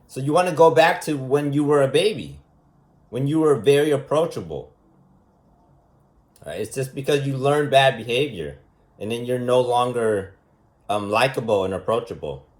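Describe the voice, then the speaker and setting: A man giving a casual, unscripted monologue lesson as a vlogger, rambling and emphatic, repeating himself and asking rhetorical questions. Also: medium pitch.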